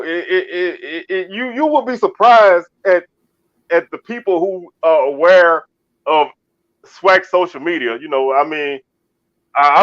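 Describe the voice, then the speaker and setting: A man's voice: on the high side, a bit bright, clear, resonant tone, no echo. A man from Baton Rouge, co-hosting a casual sports talk show, often restarting and repeating his words. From Baton Rouge, Louisiana. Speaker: co-host. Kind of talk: casual chat. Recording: dull lo-fi dry sound.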